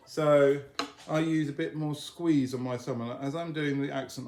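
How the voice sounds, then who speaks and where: A man's voice: mid-range voice, normal speed. A man teaching a violin piece, explaining things patiently in a mid-range voice. He often breaks into singing bits of the melody on nonsense syllables before going back to plain explanation. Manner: relaxed and explanatory, often sings phrases of the tune on nonsense syllables. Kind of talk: instructional lesson video.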